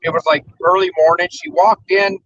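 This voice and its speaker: A man's voice: high-pitched, normal speed, creaky, a bit bright. A man telling a casual, rambling story with many fillers on a talk show. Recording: dull with faint noise.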